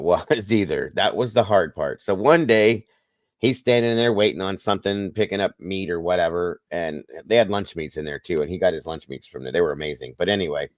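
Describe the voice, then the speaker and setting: Low-voiced folksy male host. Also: no echo, studio quality. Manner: folksy storyteller, swears casually, calls viewers folks. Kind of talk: casual livestream chat.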